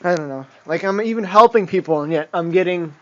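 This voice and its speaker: A man's voice: sits high, a little fast, pushed and bright. A young man from Massachusetts vlogging casually, rambling and swearing as he chuckles over his run-ins with the cops. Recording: dull lo-fi home video audio with faint noise.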